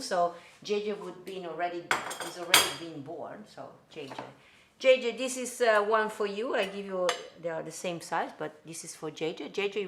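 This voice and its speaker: Broadcasting a cooking livestream from her home kitchen, an Italian host greets viewers by name and chats in loose English with her Italian accent. Her voice is on the low side, and the background is noisy.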